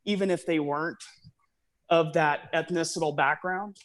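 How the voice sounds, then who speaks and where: A man with a slightly higher voice rambles through a long call, piling up fillers and half-finished restarts. He sounds a little out of breath as he walks. The sound is dry and close, with no room around it. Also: steady tone, measured pace, a bit bright, dry recording. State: out of breath from walking. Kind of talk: casual conspiracy chat.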